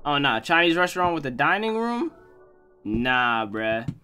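A man's voice: on the high side, sing-song, unhurried, pushed and bright, smooth. A man casually commenting on a horror game he is playing, rambling in slang and calling everyone "bro". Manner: slangy, rambling jokey rants, says "bro" constantly. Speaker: gaming YouTuber. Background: game music.

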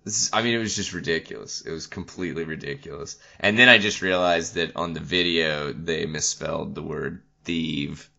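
A man with a low, sharp-edged voice chats loosely on a podcast, peppering his talk with "like" and jokes. The sound is dull and lo-fi. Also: normal speed, vocal fry, few pauses. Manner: loose, joking, lots of "like". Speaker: podcast co-host. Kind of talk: casual podcast chat.

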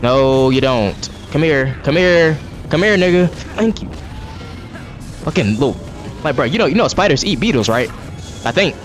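A man's voice: on the high side, animated, normal speed, soft background music. A man giving profane, exasperated running commentary while playing a video game. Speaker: gaming streamer. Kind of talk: live gameplay commentary.

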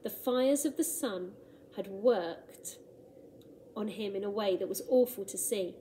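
Woman teacher, storybook read-aloud for children, gentle and expressive, warm mellow tone. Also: mid-range voice, a little slow, slight background noise, rough recording. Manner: gentle, expressive, asides about the pictures.

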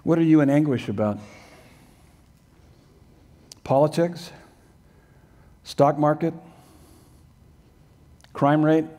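Earnest older man preaching, higher-pitched. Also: slow, pauses often, dark tone. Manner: earnest, emphatic, asks rhetorical questions. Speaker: pastor. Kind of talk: sermon.

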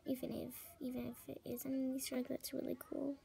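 A young woman giving gameplay commentary into a tablet microphone held close, dropping to a whisper and then breaking into loud frightened outbursts. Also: sits high, monotone, fairly quick, gravelly. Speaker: gamer.

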